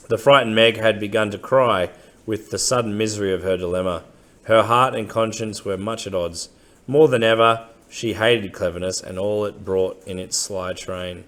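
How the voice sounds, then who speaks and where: A man narrating a novel chapter in a measured, unhurried storytelling way. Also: lowish voice, steady tone, a bit bright. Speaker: audiobook narrator. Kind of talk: scripted narration.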